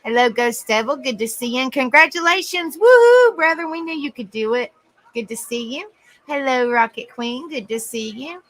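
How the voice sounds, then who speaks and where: A woman's voice: on the high side, normal speed, rough recording. A woman with a Southern US accent, hosting a casual live stream, chatty and giggly as she greets viewers by name. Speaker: livestream host.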